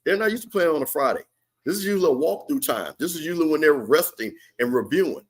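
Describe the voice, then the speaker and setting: A husky, high-leaning male voice with lively intonation races along fast. He's hosting a live watch party, chatting casually about the game in slangy terms and reading comments from his viewers.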